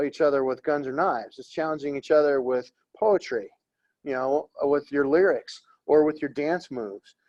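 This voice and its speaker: A man's voice: mid-range voice, highs cut off. A middle-aged man teaching an art history class in a classroom, rambling and joking as he talks. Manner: rambling, conversational, jokey.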